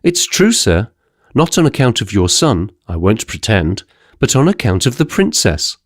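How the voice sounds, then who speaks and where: A respectful young male envoy, voiced by a man reading an audiobook speaks with careful deference. The voice sits low and sounds dry and close. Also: very animated, moderate pace, no echo. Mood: urgent, respectful. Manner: deferential, keeps saying sir.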